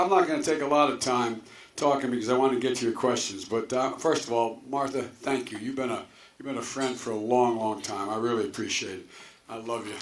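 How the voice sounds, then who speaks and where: An older man from Delaware giving a campaign speech to a crowd, a folksy, rambling storyteller with chuckles and asides. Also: medium pitch. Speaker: political candidate. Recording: echoey hall with faint noise.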